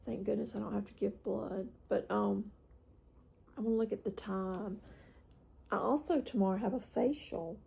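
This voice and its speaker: A woman chatting casually at home for her vlog, rambling through asides and switching to high baby talk with her dogs. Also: moderate pace, gravelly, warm tone, breathy edge. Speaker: vlogger. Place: indoors at home.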